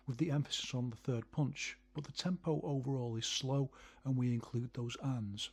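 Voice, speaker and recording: Husky-voiced man teaching martial arts. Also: mid-range voice, normal speed. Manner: explanatory, counts punch rhythms aloud. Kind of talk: instructional video narration.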